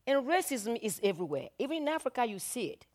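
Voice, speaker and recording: A middle-aged woman from Benin, a musician telling animated stories and acting out the people she quotes. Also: fairly high pitch, fast talker. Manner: acts out quoted voices, laughs often. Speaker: musician guest. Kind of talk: animated storytelling.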